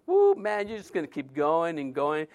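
High-voiced preacher man, chatty sermon. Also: wildly swooping pitch, normal speed, a little mellow. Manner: conversational, joking asides, rhetorical questions.

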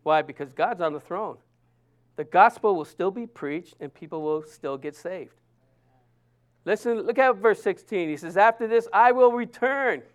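A man's voice: sits high, expressive, a little slow. A man preaching a sermon, earnest and emphatic, often restarting his sentences.

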